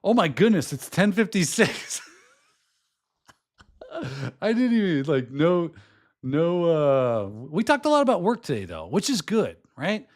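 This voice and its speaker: A middle-aged man hosting a podcast in casual chat, hoarse and losing his voice, rambling and slipping into put-on accents. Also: a little high, sing-song, a little slow, pauses often. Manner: chatty and rambling, often breaking into put-on accents. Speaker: podcast host.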